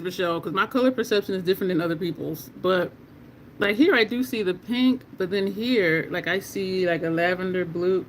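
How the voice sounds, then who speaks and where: An excitable, chatty beauty livestream host swatching makeup at home and talking straight to the chat. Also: mid-range voice, slight background noise. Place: at home in Delaware.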